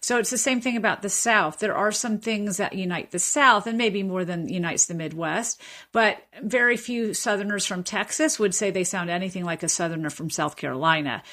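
Her mid-range voice carries a little brightness as this woman, a professor of linguistics, talks on the radio about differences in speech. She is careful and reflective, with many fillers and restarts.

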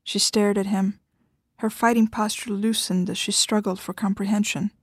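A woman reads fiction aloud at a measured pace. Her voice sits at a middling pitch, and the sound is dry and close, with no room around it. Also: little pitch movement, husky, dry recording. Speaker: story reader.

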